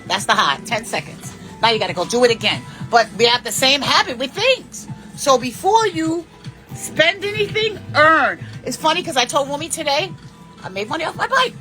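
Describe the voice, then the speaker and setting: A woman's voice: high-pitched, pushed and bright. A woman in her fifties giving blunt, profane life advice in an unscripted monologue. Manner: blunt, profane and preachy, with big swings in emphasis.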